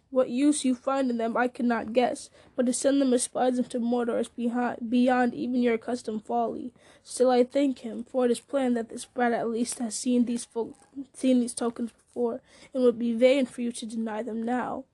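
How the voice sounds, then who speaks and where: A scornful herald of a dark lord, sneering and gloating at his enemies, as a woman reading a storybook puts him on. The voice sits fairly high with a soft, mellow tone. He mocks and taunts in archaic speech. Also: level tone, moderate pace, close to an everyday voice. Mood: taunting. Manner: taunting, sneering, laughing at others.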